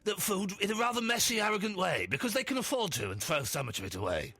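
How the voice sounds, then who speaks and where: A man hosting a comic radio phone-in, bantering in a lively way with mock-posh turns and swearing asides. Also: sits high, fast talker, breathy edge, no echo. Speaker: radio host. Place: radio studio.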